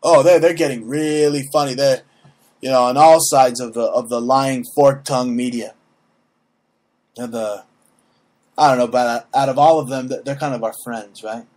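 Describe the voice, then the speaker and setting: A man's voice: mid-range voice, steady tone, moderate pace, darkish tone. A man hosting a talk show, ranting in a brash, mocking way, swearing freely and checking in with "okay?" over and over. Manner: repeats "okay?" and restarts often, mocks voices in quotes. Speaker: host. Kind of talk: profane comedic political rant.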